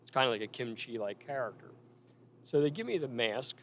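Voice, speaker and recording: A man telling stories casually about managing in wrestling, animated and full of quoted lines. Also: mid-range voice, fairly quick, slight background noise. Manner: animated anecdotes with acted quotes. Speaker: former wrestling manager, guest. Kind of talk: casual storytelling.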